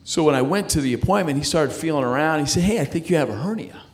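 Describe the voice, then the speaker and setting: Expressive and fairly high in pitch, a middle-aged man gives his personal faith testimony in conversation. He stumbles through it haltingly, repeating words and starting over as he tells his story.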